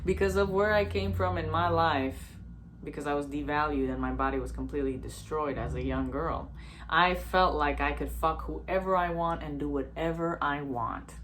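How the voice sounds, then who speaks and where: A woman's voice: low-pitched, normal speed, a bit bright, a little hiss or hum. A woman vlogger giving a blunt, profane, emphatic self-help monologue.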